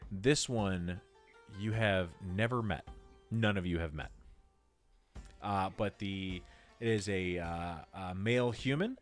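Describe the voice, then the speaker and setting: Brief: game master, male, low voice, rambling narration. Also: unhurried, soft background music. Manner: rambling, full of filler and restarts.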